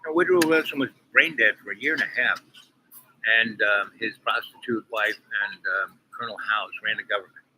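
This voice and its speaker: A man's voice: fairly low pitch, fairly quick, bright, forceful tone, slight background noise, low-quality recording. A man hosting his own show, rambling opinionated commentary while eating breakfast with his mouth full. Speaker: online show host.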